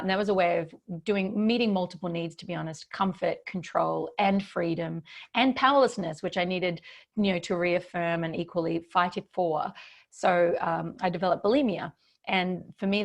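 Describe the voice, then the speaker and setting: A woman hosting a podcast interview, talking candidly and reflectively with frequent fillers and restarts. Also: mid-range voice. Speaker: podcast host. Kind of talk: conversational interview.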